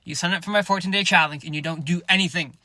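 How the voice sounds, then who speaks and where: A man's voice: high-pitched, fast, bright, forceful tone, no echo. A man, a fitness coach hosting his own podcast, talking bluntly and sarcastically with plenty of swearing and lots of "you guys.". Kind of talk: podcast monologue.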